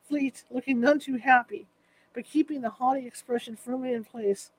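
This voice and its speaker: A woman's voice: sits high, steady tone, normal speed, poor audio. A woman narrating a true-crime courtroom story in a vivid, dramatic manner.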